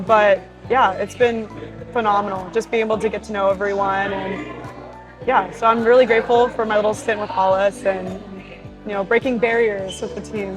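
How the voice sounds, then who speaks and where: A woman's voice: medium pitch, poor audio. A young woman from Hawaii, a professional volleyball player, reads fan questions aloud and answers them in a chatty, upbeat way, with plenty of "like" and "you know". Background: background music.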